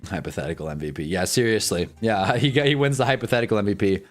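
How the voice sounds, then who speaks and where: A young man live-streaming commentary on a football awards show, swearing and laughing as he swings from loud outbursts to low mumbles. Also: quick pace, soft background music. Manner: profane, laughs often.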